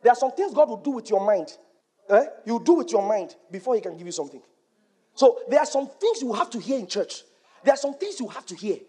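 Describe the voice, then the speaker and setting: A man preaching a church sermon, emphatic and rising to shouts on key points, quoting scripture in old-fashioned wording. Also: very high-pitched, big pitch swings, a little fast, husky.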